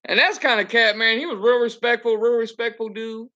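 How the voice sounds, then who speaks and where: Blunt, cussing trucker on a webcam stream. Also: male voice, very high voice, fairly even intonation, a little fast, bright, forceful tone, dull audio. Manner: blunt and profane, ranting. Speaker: truck driver. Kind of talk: casual livestream chat. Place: home. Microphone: computer webcam.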